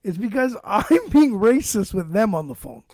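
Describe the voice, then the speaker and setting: A man with a high, gravelly voice chats casually and tells stories with animated energy. He laughs often and swears freely. The sound is dry and close, with no room around it. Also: moderate pace, no echo. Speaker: co-host, driver. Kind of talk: casual chat, storytelling.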